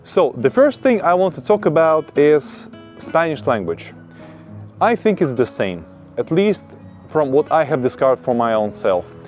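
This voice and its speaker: Enthusiastic man vlogging with soft guitar music. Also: fairly high pitch, sing-song, a little slow. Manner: enthusiastic, emphatic, with rhetorical questions. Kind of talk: casual vlog monologue.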